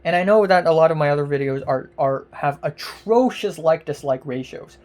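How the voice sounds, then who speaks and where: A woman vlogger delivering an angry, profane rant, exasperated, with repeated words and bursts of loudness. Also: low-pitched, fairly quick, hardly any pauses.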